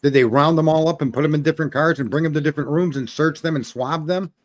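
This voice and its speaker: Emphatic higher-voiced man on a panel. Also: quick pace, noisy background. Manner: emphatic, rhetorical questions. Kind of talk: casual panel discussion.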